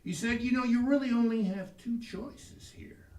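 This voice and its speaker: A man hosting a comedy talk show, telling rambling folksy stories with loud outbursts. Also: very high voice, moderate pace, reverberant, far from the mic. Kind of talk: comic storytelling monologue.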